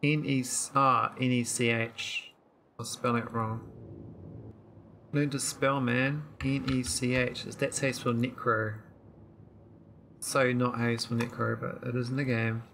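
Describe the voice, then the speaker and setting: A man talks through his game session in a loose, rambling way, trailing off and restarting as he thinks aloud. His voice is bright and tense with a gravelly edge, and there is faint noise underneath. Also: mid-range voice, level tone, measured pace. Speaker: gameplay streamer. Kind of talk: casual let's-play commentary.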